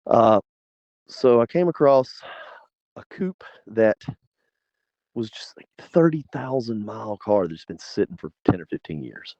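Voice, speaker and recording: A man's voice: fairly low pitch, unhurried, dry recording. A man in his forties from South Carolina, a guest telling a story in a casual, laughing way and acting out the people in it. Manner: animated, laughing, acts out others in the story. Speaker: interview guest. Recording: dry, slightly dull lo-fi sound.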